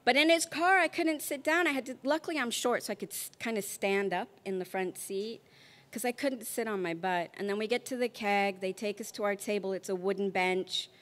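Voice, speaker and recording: A woman's voice: mid-range voice, brisk. A middle-aged woman telling a comic story on stage, acting out the people in it. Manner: animated, acts out the people in her story.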